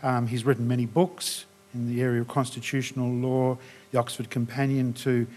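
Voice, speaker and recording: A man's voice: medium pitch, flat delivery, a little mellow. Man introducing a lecturer. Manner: polite, slightly halting formal delivery. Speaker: event host introducing the speaker. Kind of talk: formal speaker introduction.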